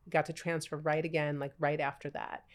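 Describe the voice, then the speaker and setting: A woman in her forties, a podcast guest telling her story in casual chat, animated and full of acted-out quotes and laughter. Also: deep voice, a little fast.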